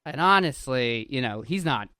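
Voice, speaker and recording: A man chatting as a podcast guest, animated and swearing, quick to laugh. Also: mid-range voice, dry recording, studio quality. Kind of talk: casual chat.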